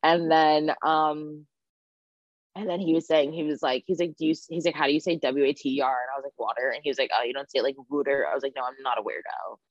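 Young New Jersey woman, low voice. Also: quick pace, dry recording. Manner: chatty, animated storytelling with lots of "like". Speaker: podcast co-host. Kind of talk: casual chat. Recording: dry, dull lo-fi sound.

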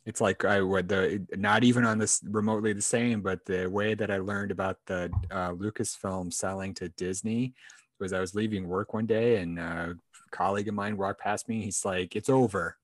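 A man's voice: sits low, steady tone, normal speed, no room sound. A man hosting a podcast, chatting casually with lots of "you know" and restarts. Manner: conversational, full of fillers and restarts. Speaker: podcast host. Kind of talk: casual chat.

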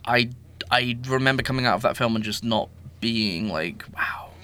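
A man's voice: medium pitch, moderate pace, pushed and bright, clean tone. A man co-hosting a film podcast, speaking hesitantly and stumbling over his words. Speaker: podcast co-host. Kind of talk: casual film discussion.

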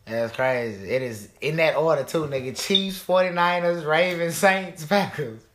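Man, podcast co-host, higher pitch, bright, brash profane trash talk. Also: moderate pace. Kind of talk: casual chat.

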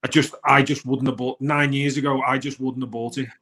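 A man's voice: mid-range voice, flat delivery, fairly quick, bright, forceful tone. Earnest, rambling British male co-host. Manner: rambling, restarts often, earnest. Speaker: co-host of a morning wellness show. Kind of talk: casual morning show chat.

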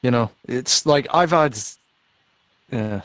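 A man's voice: medium pitch, slow, fairly bright tone, dry recording. A man, reading forum posts aloud to friends in a crude, casual group chat.

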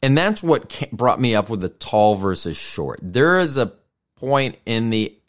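A middle-aged man hosting a casual solo podcast, rambling and self-deprecating as he thinks out loud. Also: mid-range voice, sing-song, a little slow. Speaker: podcast host.

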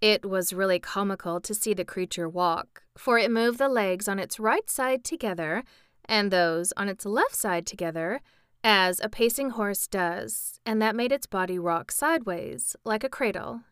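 A woman reading a children's book aloud in a calm, measured way. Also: mid-range voice, clear, resonant tone, dry recording, clean studio sound. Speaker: storyteller.

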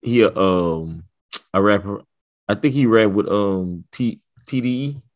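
A man, co-hosting a casual podcast, reacting to his co-host with loud disbelief. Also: lowish voice, measured pace, no room sound.

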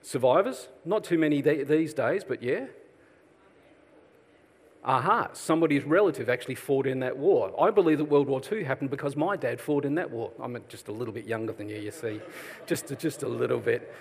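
Joking Australian preacher in a reverberant hall. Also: male voice, mid-range voice, fairly quick, slightly rough. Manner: chatty, self-deprecating, jokes with the congregation. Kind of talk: sermon. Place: church hall.

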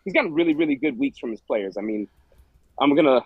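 A man co-hosting a podcast, talking in a rambling, animated way with frequent restarts. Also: on the high side, fast, gravelly, breathy edge, dry recording, phone-quality sound. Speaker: podcast co-host. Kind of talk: casual chat.

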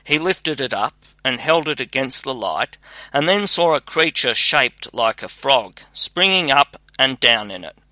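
Slow, bright-voiced male storyteller. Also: mid-range voice, expressive, no echo. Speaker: narrator. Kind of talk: scripted storybook narration.

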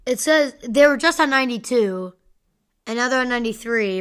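Young woman, podcast host, casual stat commentary, thinking aloud, many fillers, a bit high-pitched. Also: moderate pace, smooth.

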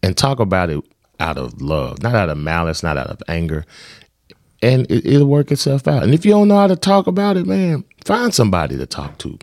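A middle-aged man hosting a podcast in casual chat, animated and laughing, swinging from loud outbursts to low, earnest talk. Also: a little fast, no echo, studio quality. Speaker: podcast host.

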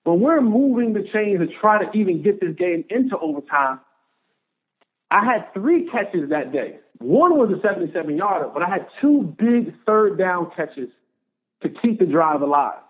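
A man, a former football player, telling a story as a podcast guest, animated and repeating phrases for emphasis. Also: high-pitched, moderate pace. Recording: tinny phone-line audio.

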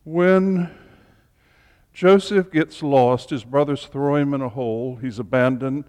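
A man's voice: mid-range voice, slow pace, darkish tone, clear, resonant tone. A man leading a Bible study group, teaching in an informal, chatty way with humorous asides. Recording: long reverb in a hall.

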